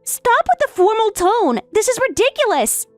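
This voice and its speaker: Woman doing a demanding young daughter, high pitched, shrill, lively swings, soft music behind. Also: unhurried, dry recording, full character voice. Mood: indignant.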